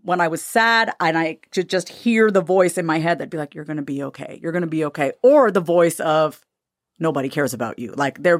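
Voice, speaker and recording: A woman's voice: low-pitched, no echo, studio quality. A woman in an interview, speaking candidly and animatedly about her own life and her upcoming book. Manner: animated, candid, acts out voices. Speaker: guest author. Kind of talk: conversational interview.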